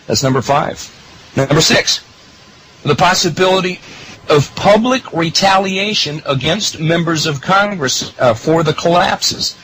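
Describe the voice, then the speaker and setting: A man's voice: a little hiss or hum, rough recording. A man hosting a political commentary monologue for his listeners, emphatic and full of rhetorical questions. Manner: emphatic, rhetorical questions, lively pitch swings.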